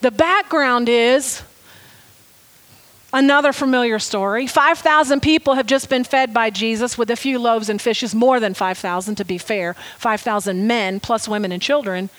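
A woman preaching a sermon, telling a story with lively, animated delivery and acting out quoted lines. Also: on the high side, moderate pace.

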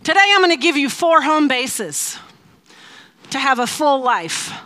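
High bright woman preaching slowly. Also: very animated. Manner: laughs often, playful asides. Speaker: speaker teaching a faith message. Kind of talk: sermon.

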